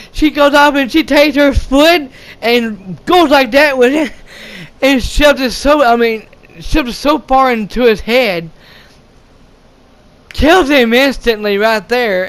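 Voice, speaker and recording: A man's voice: very high voice, measured pace, fairly bright tone, clean tone. A man recapping a movie plot in a casual, rambling way, full of restarts and swearing. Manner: repetitive, many restarts and swearing. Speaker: movie reviewer.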